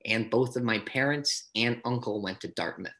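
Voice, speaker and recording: A man performs in a live improv comedy scene. His voice sits at a middle pitch and he speaks in a flat, deadpan manner. He keeps coming back to the same boast. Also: moderate pace. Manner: deadpan, repeats one boast. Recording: live stage audio.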